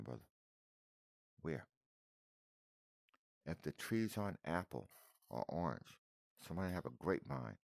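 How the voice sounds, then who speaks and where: Deep gravelly man reacting emotionally. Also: very animated, measured pace, pauses often, no echo. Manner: emotional, repetitive, addresses viewer as man and brother. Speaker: video commentator reacting to footage. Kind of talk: casual reaction commentary.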